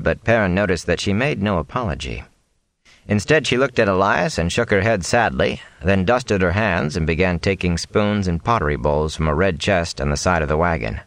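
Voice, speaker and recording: A man narrating a fantasy novel aloud in an expressive reading. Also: deep voice, normal speed, no echo. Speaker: audiobook narrator. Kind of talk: storybook narration.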